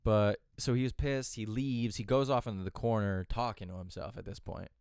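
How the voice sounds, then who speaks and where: Smooth low-voiced man telling a story. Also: steady tone, brisk, a little mellow, no room sound, clean studio sound. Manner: candid, profane, rambling with restarts. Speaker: podcast host. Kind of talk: casual podcast storytelling.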